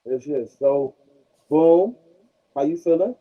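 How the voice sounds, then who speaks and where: A man co-hosting a podcast, bantering loudly and teasing the others in casual profane talk. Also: a little high, lively intonation, takes it slowly. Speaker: podcast co-host. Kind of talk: casual chat. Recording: dull lo-fi mic.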